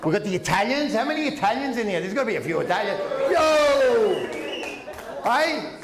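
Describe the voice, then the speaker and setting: A man doing brash stand-up comedy at a live function, teasing the crowd with loud outbursts. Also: high-pitched, big pitch swings, very fast, noisy background. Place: function room with a live audience. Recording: echoey room with audience.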